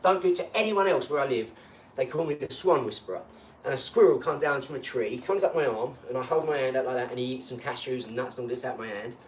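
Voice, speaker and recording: A man talking in a casual live chat, rambling and boastful, breaking into animated rants. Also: medium pitch, fast. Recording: echoey room, far from mic, faint hum.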